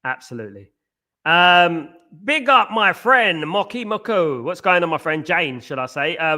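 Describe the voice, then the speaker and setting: A man's voice: high-pitched, sing-song, normal speed, sharp tone. A man hosting a live football watchalong stream. He chats casually with viewers and keeps singing playful chant parodies.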